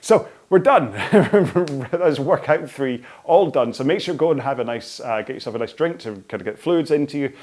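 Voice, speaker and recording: Chatty fitness instructor. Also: male voice, mid-range voice, lively intonation, normal speed, few pauses, a little mellow. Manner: chatty, rambling, laughs at his own slips. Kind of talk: follow-along workout instruction. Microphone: microphone close in front of his chin.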